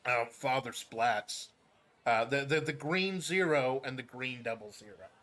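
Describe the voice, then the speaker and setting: A man's voice: mid-range voice, unhurried, pushed and bright. A man hosting a casual game stream, joking with profanity and stammering repeats as he explains the rules step by step. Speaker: streamer host.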